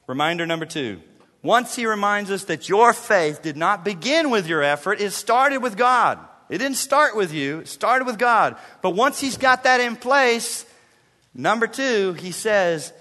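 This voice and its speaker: A man preaching a sermon as a pastor, emphatic and swinging between soft and loud passages. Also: high voice, lively intonation, moderate pace, long reverb tail.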